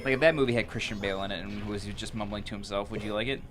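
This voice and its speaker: A man co-hosting a let's play, tossing in quick, dry questions and remarks. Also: fairly low pitch, steady tone. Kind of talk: casual gameplay chat.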